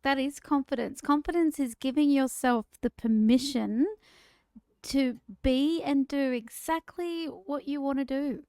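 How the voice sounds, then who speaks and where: A woman's voice: high-pitched, measured pace, no room sound, studio quality. A woman co-hosting a podcast in casual chat, laughing often and restarting her sentences. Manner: warm, chatty, laughs often, repeats words when starting sentences. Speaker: podcast co-host.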